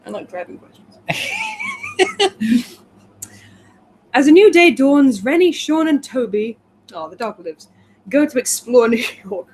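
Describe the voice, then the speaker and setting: A woman's voice: on the high side, animated, normal speed, darkish tone, rough recording. A woman co-hosting, reading a timeline aloud with giggly, chatty asides in casual banter. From England. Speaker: co-host.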